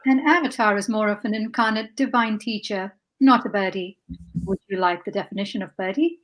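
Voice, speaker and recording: A woman's voice: medium pitch, a little fast, close to an everyday voice, poor audio. A woman voicing a literal-minded voice assistant. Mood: deadpan. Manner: flat, literal, matter-of-fact. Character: female smart-speaker voice assistant.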